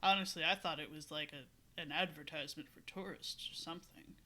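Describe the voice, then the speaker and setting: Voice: mid-range voice, a little fast, pushed and bright, natural voice. A player voicing a female black dragonborn who talks casually and offhandedly. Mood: offhand.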